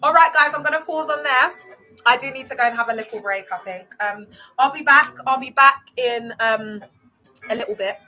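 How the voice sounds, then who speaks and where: Sassy woman with a bright voice. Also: sits high, normal speed, soft background music, low-quality recording. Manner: sassy and slangy, laughs often. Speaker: vlogger discussing cults. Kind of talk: casual livestream talk.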